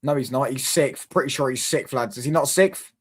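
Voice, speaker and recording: A man's voice: medium pitch, brisk, slightly rough. A man hosting a football reaction stream, ranting in exasperated casual chat and asking rhetorical questions.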